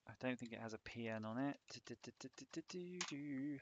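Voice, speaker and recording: A man's voice: medium pitch, flat delivery, quick pace, lo-fi sound, background noise. A man on a casual live stream, rambling and joking while he thinks aloud about a hardware design.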